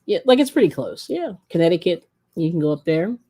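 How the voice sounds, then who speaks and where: A woman's voice: fairly low pitch, big pitch swings, fairly quick, warm tone. A woman hosting a casual cooking live stream, reading viewer comments aloud in a chatty, rambling way and giggling often. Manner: chatty and giggly, laughs often between remarks; rambling, with many fillers and restarts.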